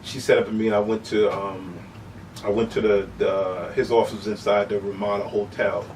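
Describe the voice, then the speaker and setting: A middle-aged man telling stories as an interview guest, animated and casual, often saying "you know what I'm saying". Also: fairly low pitch, moderate pace, recorded from a distance, a little hiss or hum, poor audio. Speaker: human beatboxer, interview guest.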